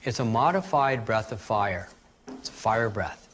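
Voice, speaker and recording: A man teaching a live workshop, calmly guiding a group through breathing exercises and demonstrating them aloud. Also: lowish voice, measured pace, slight background noise. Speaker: energy healing teacher.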